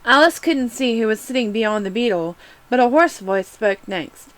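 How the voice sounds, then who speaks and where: Expressive woman reading a storybook. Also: on the high side, moderate pace, rough recording. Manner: expressive, with small restarts. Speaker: reader. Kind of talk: storybook read-aloud.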